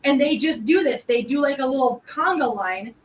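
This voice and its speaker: High-pitched lady on a live stream, baby-talking her cats, giggly. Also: lively intonation, normal speed, a little hiss or hum. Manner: coos baby talk at her cats, laughs often. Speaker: host. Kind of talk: casual live-stream chat.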